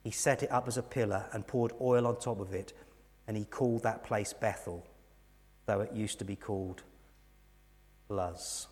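A middle-aged English man preaching a sermon, telling a personal story earnestly and dropping to soft, intense moments. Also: lowish voice, fairly even intonation, moderate pace, long pauses. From England. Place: church hall. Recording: long hall reverb.

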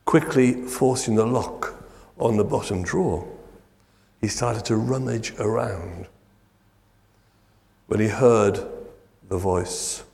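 An older man preaching, telling stories in a jovial, animated way. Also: lowish voice, slow, gravelly, pauses often. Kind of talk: sermon with storytelling. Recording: echoey hall.

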